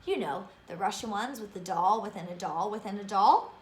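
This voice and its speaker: A woman's voice: medium pitch, moderate pace, echoey room, slight background noise, lightly acted. A woman voicing a kindly old Polish woman who cooks at a shelter, in a put-on Polish accent and a fussy, doting manner. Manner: fussy, doting, calls the boy dearie.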